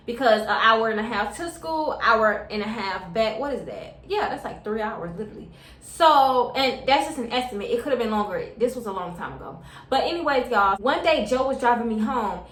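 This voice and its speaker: Woman, young adult, chatty, slang, a bit high, roomy echo. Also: a bit bright. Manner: chatty, slangy, keeps addressing viewers as y'all. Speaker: vlogger. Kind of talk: casual story time. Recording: echoey room.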